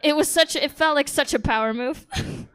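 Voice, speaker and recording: A woman's voice: high voice, fairly quick, fairly bright tone. A woman doing a stand-up set on a comedy stage, candid and giggly, talking straight to the audience. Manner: giggly, candid, crowd-work. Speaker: stand-up comic.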